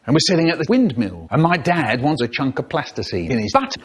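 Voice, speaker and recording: A man telling comic stories in an animated way, acting out voices and sound effects. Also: medium pitch, brisk, husky. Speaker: storyteller. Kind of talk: comic storytelling, spliced remix.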